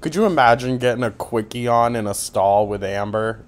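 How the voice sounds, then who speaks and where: A man's voice: mid-range voice, steady tone, moderate pace, slight background noise. A man giving a sarcastic, mocking commentary, with plenty of swearing. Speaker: commentary YouTuber. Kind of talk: commentary vlog.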